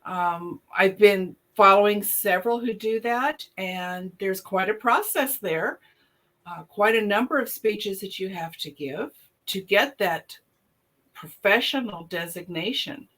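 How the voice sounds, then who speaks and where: A woman co-hosting a casual chat, thoughtful and quick to laugh. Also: medium pitch, a bit bright. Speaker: podcast co-host.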